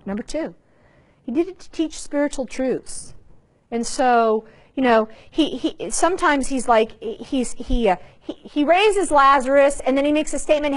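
Informal woman Bible teacher, bright and high-pitched, swinging her pitch a lot as she chats to a group. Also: moderate pace. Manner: animated, conversational, many restarts and acted asides.

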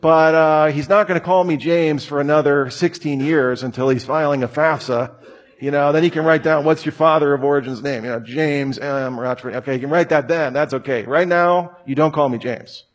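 A man's voice: a little high, steady tone, fairly quick. A man in his thirties preaching a conversational sermon, telling stories with humor. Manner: casual, storytelling with humor.

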